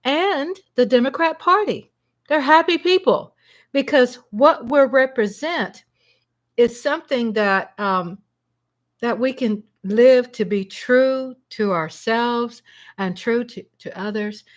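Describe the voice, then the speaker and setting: A woman hosting a casual livestream from home, chatty and excitable, breaking into shouts and laughter. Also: fairly high pitch, slow pace. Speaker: livestream host.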